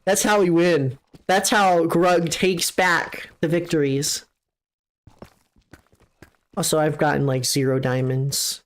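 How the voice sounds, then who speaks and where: A young woman streaming a game live, chatting casually with her viewers, excitable and swearing, often jumping into high squeals. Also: takes it slowly, long pauses.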